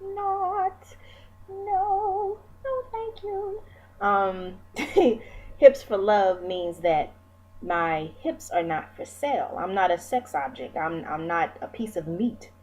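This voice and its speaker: Woman, 40s, lowish voice, candid and encouraging, chatty personal vlog talk with fillers. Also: expressive, measured pace, darkish tone, poor audio. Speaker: vlogger.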